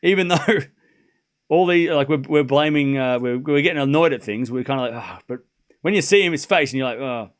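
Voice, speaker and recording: Here a stream host leads a live tennis watchalong, speaking fairly quickly at a medium pitch. He drops the score updates in a relaxed way, interrupted by chatty, laughing remarks and frequent swearing.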